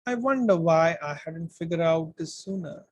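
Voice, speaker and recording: A man voicing an earnest young schoolgirl's thoughts in a quiet, musing way while reading a book aloud. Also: fairly high pitch, expressive, moderate pace. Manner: soft, quiet inner musing. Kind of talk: read-aloud character voice.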